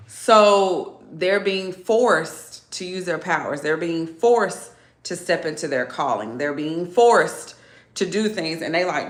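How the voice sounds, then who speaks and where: A woman giving a casual zodiac reading, chatty and animated, laughing often. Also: on the low side, takes it slowly, reverberant. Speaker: tarot reader.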